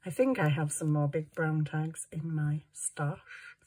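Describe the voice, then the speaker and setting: A woman's voice: low-pitched, steady tone, a little slow, darkish tone, husky. A woman making a junk journal, chatting to herself as she works. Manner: chatty, talks to herself while working. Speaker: crafting vlogger. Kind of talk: casual crafting chat.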